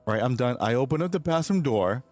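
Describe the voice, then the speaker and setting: A man's voice: mid-range voice, expressive, fairly quick, a little mellow, soft background music. A man streaming and chatting casually with his viewers, rambling, swearing, and laughing often. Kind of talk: casual livestream chat.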